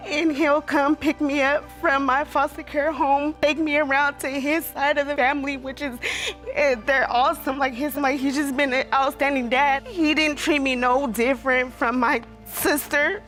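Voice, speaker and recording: A woman's voice: sits high, steady tone, normal speed, fairly bright tone. A woman in her late forties testifying in court, telling her story casually with many fillers. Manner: casual, filler-heavy retelling. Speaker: witness in court. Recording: faint music under courtroom audio.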